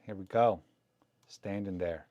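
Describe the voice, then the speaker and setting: A man's voice: low-pitched, steady tone, unhurried, dull audio. Chatty man commenting live on film scans. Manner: chatty, joking, thinking aloud. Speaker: photography vlogger. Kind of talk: casual live commentary while scanning film.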